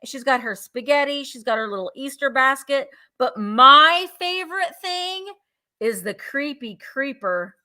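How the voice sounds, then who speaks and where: A woman's voice: high voice, lively intonation, a little slow, pushed and bright. A woman hosting a live vintage sale, chatting playfully and counting down bids. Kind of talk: live auction selling chat.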